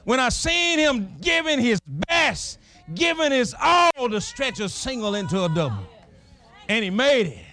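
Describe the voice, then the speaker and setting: A man preaching a sermon as a pastor, with a dramatic storytelling manner that breaks into shouted exclamations. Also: very high-pitched, very animated, a little slow.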